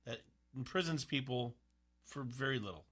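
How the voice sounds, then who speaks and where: A man with a bright, forceful voice hosts a sports radio talk show. He rants bluntly and leans into sarcasm. He talks from a radio studio. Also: mid-range voice, lively intonation, moderate pace. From United States.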